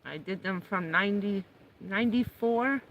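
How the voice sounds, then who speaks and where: A woman's voice: mid-range voice, normal speed, lo-fi sound, slight background noise. A middle-aged woman chatting casually on a live stream, talking to her dog in a coaxing raised voice and telling stories. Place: parked vehicle on a rainy day.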